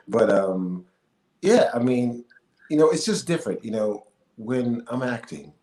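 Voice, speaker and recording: In a casual interview, a middle-aged actor and singer speaks slowly at medium pitch, laughing often and filling his animated stories with fillers. The echoey room adds faint noise to the recording.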